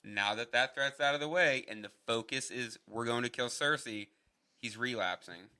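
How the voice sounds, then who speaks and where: Brief: male podcast voice, very bright and sharp, wry casual talk. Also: medium pitch, moderate pace, smooth. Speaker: podcast guest. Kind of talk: casual chat.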